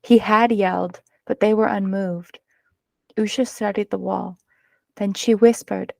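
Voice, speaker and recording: A woman reading a children's picture book aloud, narrating in an expressive, measured way. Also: mid-range voice, creaky, no echo. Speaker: storyteller.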